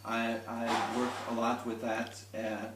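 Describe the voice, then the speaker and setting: Recorded from a distance in a roomy, very noisy space, a man teaches a private violin lesson. His voice is medium-pitched, monotone, and slow, and he explains patiently with demonstrations and restarts.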